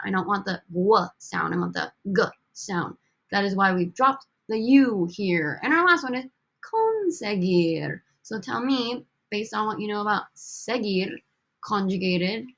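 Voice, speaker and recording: A woman's voice: mid-range voice, creaky, fairly bright tone. A woman teaching a recorded language lesson over slides, upbeat and coaxing as she drills students with prompts. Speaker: Spanish teacher.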